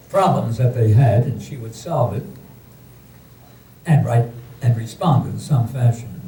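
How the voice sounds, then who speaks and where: An older man telling jokes to a live audience, slow and deliberate, raising his voice for the punchlines. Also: medium pitch, mellow, slight background noise. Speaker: joke teller. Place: community hall. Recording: roomy, distant recording with faint ambience.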